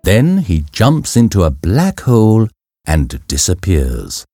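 A man reading a simple story aloud as a narrator, slow and clear. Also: low voice, huge pitch swings, warm tone, no echo, studio quality. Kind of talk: scripted narration of a graded reader.

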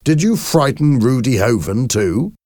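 A man voicing a cheerful, mischievous father in a storybook reading, with a raised, bright delivery. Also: medium pitch, sing-song, a little slow, dry recording, studio quality, voice pushed up. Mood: teasing. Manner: bright, teasing, laughing.

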